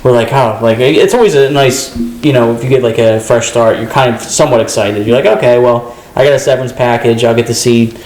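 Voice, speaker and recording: Fast-talking man telling a story. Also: medium pitch, a little mellow, roomy sound, low-quality recording. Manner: rambling, acts out quoted voices. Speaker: guest comedian. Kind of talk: casual storytelling.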